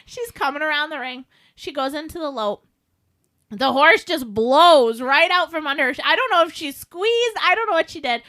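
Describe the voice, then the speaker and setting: Casual podcast co-host: woman, high bright voice, lively storyteller who acts out quotes. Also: moderate pace. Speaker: podcast co-host, riding instructor.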